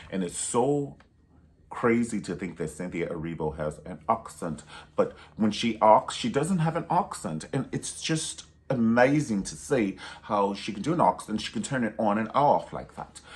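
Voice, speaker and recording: A man giving a casual movie review monologue, sassy and emphatic, repeating himself for emphasis and dropping pet names. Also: on the low side.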